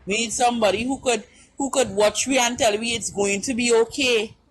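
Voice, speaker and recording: Calling into the live-stream panel, the Trinidadian-accented woman talks a little fast in a high voice with fairly even intonation. She's impassioned and emphatic, repeating points and asking whether you understand, in a rough recording with slight background noise.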